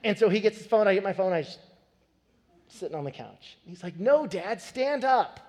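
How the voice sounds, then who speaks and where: A man in his thirties preaching a sermon, telling a family story with animated, building emphasis. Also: sits high, a little fast. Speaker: pastor. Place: church sanctuary. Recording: long hall reverb.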